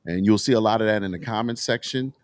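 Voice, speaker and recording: A man hosting a political talk show speaks with a lowish voice at a fast clip, in a dry recording. He's impassioned and emotional, and the raw feeling comes with frequent swearing.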